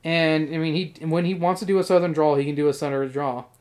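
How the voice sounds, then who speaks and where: A man's voice: on the high side, steady tone, fast talker, darkish tone. A man hosting a podcast in casual chat, rambling and swearing often, with frequent laughs. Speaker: podcast host.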